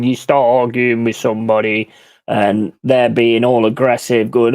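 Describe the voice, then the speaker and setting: Bloke, middle-aged, blunt swearing ranter, mid-pitched, close dry mic. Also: male voice, moderate pace, darkish tone, dry recording. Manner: blunt, ranting, swears freely; mimics other people in quoted voices. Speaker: livestream host. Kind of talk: casual live-stream chat.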